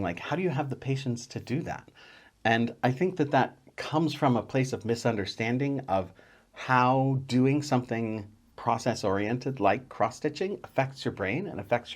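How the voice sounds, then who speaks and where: A man with a fairly low voice hosts a hobby channel, talking to camera in a casual, chatty way. He slips in wry, lightly exasperated asides as he explains. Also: darkish tone. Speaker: channel host.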